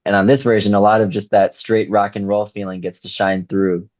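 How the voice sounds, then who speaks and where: A man's voice: fairly low pitch, level tone, fairly quick, a little mellow, dry recording. A man co-hosting a music podcast, talking in a thoughtful, reflective way. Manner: thoughtful, reflective, says "you know" often. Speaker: podcast co-host. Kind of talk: casual chat. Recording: dull dry lo-fi mic.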